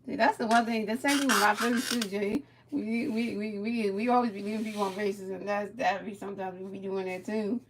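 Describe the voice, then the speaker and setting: A woman's voice: mid-range voice, fairly even intonation, brisk, few pauses, a little hiss or hum. A woman streamer giving casual play-by-play of a baseball video game, chatting with a viewer and stumbling over repeated words.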